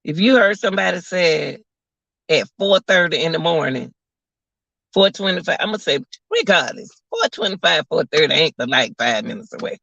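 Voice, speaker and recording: A man gives casual live commentary, incredulous and repetitive as he addresses his viewers. His voice is gravelly with a bright, cutting tone. The recording is dry, dull and lo-fi. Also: on the high side, big pitch swings, normal speed, no echo. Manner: incredulous, repeats phrases, talks to viewers as y'all. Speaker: commentary vlogger. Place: at work, away from home. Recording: dull lo-fi audio.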